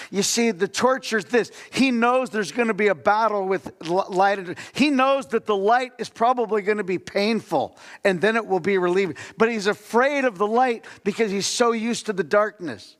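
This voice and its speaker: A man's voice: high-pitched, moderate pace, few pauses, fairly bright tone. A man preaching a sermon as the pastor, talking conversationally and asking the congregation questions. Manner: conversational preaching with audience questions and acted-out quotes. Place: church sanctuary. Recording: long church hall reverb.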